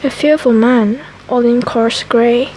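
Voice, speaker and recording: Woman ASMR reader, raspy scraggly voice, very slow, somewhat high, self-correcting. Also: steady tone, dark tone, a little hiss or hum, poor audio. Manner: slow, careful reading with frequent self-corrections. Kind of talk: soft ASMR book reading.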